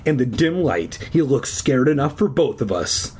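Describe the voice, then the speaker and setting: A man's voice: medium pitch, very animated, moderate pace, a little mellow, husky. A man reading a spooky children's story aloud casually, with a sore throat. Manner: casual, swears in asides. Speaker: reader.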